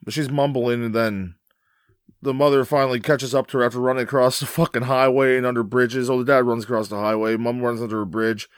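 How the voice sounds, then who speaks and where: A man's voice: medium pitch, level tone, fairly quick, clean tone, dry recording, clean studio sound. A man co-hosting a casual movie-review podcast, blunt and sarcastic, swearing freely. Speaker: podcast co-host.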